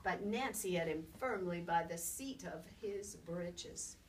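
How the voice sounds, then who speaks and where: Woman telling a folk tale, slow and lilty, kinda far from the mic w faint hiss. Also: on the low side. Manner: expressive, lilting, unhurried. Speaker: storyteller. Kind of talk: oral storytelling. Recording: distant mic, faint background noise.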